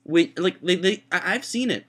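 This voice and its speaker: A young man who is sick with a sore throat tells a rambling, self-mocking story into his webcam, breaking into high-pitched voices for quotes. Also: lively intonation, moderate pace, fairly bright tone, slightly rough. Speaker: vlogger. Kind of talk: casual storytelling.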